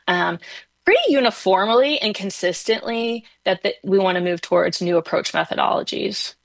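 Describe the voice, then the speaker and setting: Gravelly low-voiced woman, hesitant guest. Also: no echo. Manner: hesitant, many fillers and restarts. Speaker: guest from an advocacy group. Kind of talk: radio interview.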